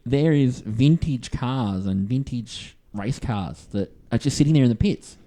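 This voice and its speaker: Mellow-voiced Australian man telling stories. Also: mid-range voice, animated, measured pace. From Western Australia. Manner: rambling storyteller, acts out quoted voices. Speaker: podcast co-host. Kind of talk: casual chat.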